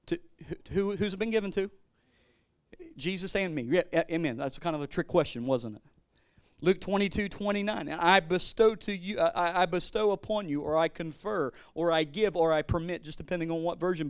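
A male pastor preaching a sermon, swinging from loud declarations to quiet asides, with frequent stammered restarts. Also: sits high, smooth, no echo, studio quality.

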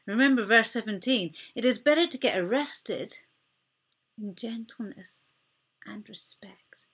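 A woman's voice: a little high, measured pace, a bit bright, husky. A woman pastor giving a sermon in an earnest, conversational way, acting out short quoted exchanges.

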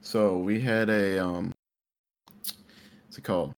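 A man with a low-pitched voice tells a rambling workplace story among friends. He leans on fillers and restarts as he goes, keeping it casual. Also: steady tone, slow, clean tone. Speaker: IT worker. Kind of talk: casual chat.

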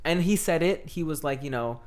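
A man's voice: a little high, moderate pace, darkish tone. A man co-hosting a casual podcast about a horror film, talking loosely with lots of fillers and frequent laughs. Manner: chatty, laughs often, many "like" and "um" fillers. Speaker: podcast co-host. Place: recording with a co-host.

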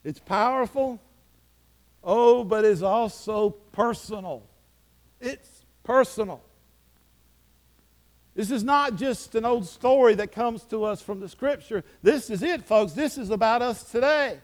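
High-voiced fervent preacher. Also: male voice, unhurried. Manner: fervent preaching, rising and dropping in pitch and volume. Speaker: pastor. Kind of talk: sermon.

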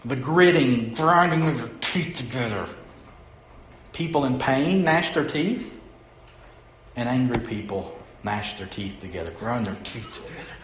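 Questioning pastor in an echoey hall. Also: male voice, mid-range voice, animated, a little slow, slight background noise. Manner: asks the congregation questions, swings from loud emphasis to hushed. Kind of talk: sermon. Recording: echoey room.

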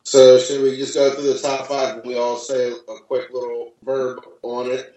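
A man's voice: medium pitch, completely flat delivery, normal speed, warm tone, distant mic. A man co-hosting a casual podcast, joking and enthusiastic as he banters with friends. His voice sits back from the mic in a very echoey room. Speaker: podcast co-host. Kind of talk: casual chat.

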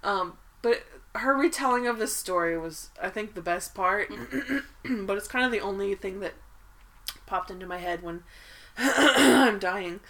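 A woman co-hosting a podcast in casual, playful chat, often clearing her throat. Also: mid-range voice, measured pace, fairly bright tone. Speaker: podcast co-host.

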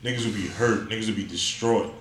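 A man's voice: lowish voice, fast talker. A man trading casual banter as a podcast co-host, slangy and often laughing as he tells stories. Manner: slangy, laughing, animated storytelling. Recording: roomy echo with faint room noise.

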